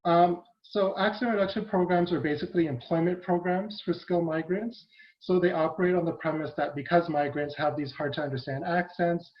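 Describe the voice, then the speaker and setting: Man, conference presenter, earnest, rhetorical tag questions, somewhat high voice, dull lo-fi call sound. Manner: earnest, with frequent rhetorical "right?" tags. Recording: muffled lo-fi online audio.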